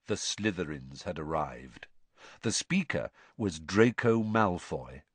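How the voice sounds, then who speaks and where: A man narrating an audiobook in an expressive, varied storytelling manner. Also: low voice, slow pace, breathy edge, dry recording.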